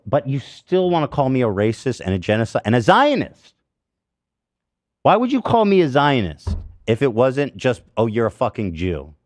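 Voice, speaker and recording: A man's voice: mid-range voice, no echo, clean studio sound. A man hosting a podcast who rants angrily and curses a lot, with heavy emphasis. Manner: angry, profane, emphatic. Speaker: podcast host. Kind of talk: heated podcast rant.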